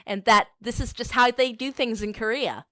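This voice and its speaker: A woman's voice: a little high, moderate pace, bright, forceful tone, no room sound, studio quality. A young adult woman streamer telling a rambling personal story in casual chat, with plenty of filler words.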